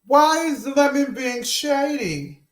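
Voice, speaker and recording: A man playing a sassy, flirtatious woman host with a high, unhurried voice that lingers on each coaxing word. She sweet-talks and teases her guests in a roomy, echoing space. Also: big pitch swings, exaggerated voice. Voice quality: coaxing, teasing, sweet-talking. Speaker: show host. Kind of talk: casual avatar chat show.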